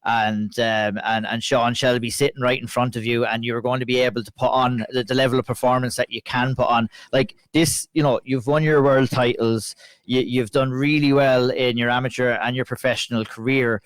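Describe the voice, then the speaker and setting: A man's voice: mid-range voice, little pitch movement, normal speed, smooth, no echo. An Irish man hosting a podcast, asking long, earnest, rambling questions. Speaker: podcast host. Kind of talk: interview.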